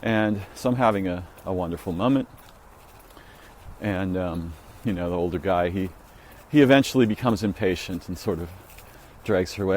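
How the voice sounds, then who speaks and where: A man telling a reflective, meandering story on a walk-and-talk vlog, halting and restarting as he muses. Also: sits low, a little mellow, a little hiss or hum. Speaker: vlogger. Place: outdoors, walking.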